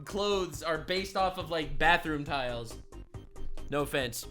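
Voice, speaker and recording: A bright, forceful male streamer reacting to clips with comedic commentary. He swears freely and bursts between loud excitement and low mutters. Faint music plays behind him. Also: takes it slowly.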